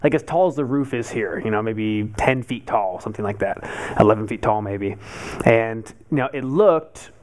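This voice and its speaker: A man in his thirties telling a personal story to a live group, acting out his own past panic as he goes. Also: medium pitch. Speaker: meetup speaker.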